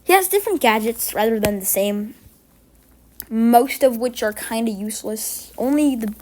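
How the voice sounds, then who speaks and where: A woman's voice: a little high, animated, normal speed, a little mellow, slight background noise. A woman giving rambling, casual commentary while ranking video game characters, a little sick and short of breath. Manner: rambling, chatty, self-correcting. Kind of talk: casual tier-list commentary.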